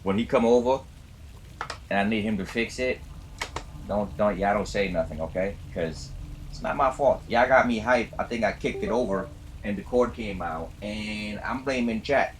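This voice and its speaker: This streamer's voice runs on the low side at a normal speed as he plays a game live from his gaming chair at home. Amped up and foul-mouthed, he banters casually and teases his chat, with noise behind him.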